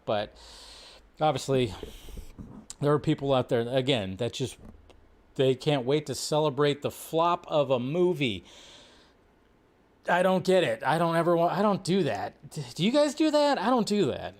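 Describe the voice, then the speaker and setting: A young adult man hosting a casual live stream, rambling and animated, with frequent restarts. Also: fairly high pitch, normal speed, long pauses. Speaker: host.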